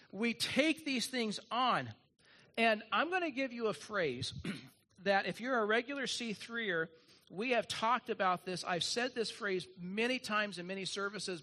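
A male pastor delivering a sermon with earnest, emphatic conviction. His voice sits high and rings bright and forceful, and he leans on repeated refrains to drive points home. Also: lively intonation, a little slow.

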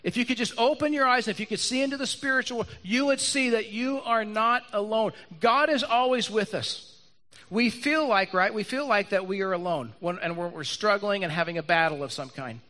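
A man preaching a sermon to a room and an online audience, animated, acting out Bible characters and repeating lines for emphasis. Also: sits high, normal speed. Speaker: pastor. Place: church hall with live audience and online stream.

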